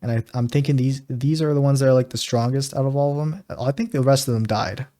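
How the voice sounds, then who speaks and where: A man's voice: medium pitch, steady tone, fast, warm tone. A man co-hosting a casual podcast, animatedly recapping an episode. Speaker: podcast co-host.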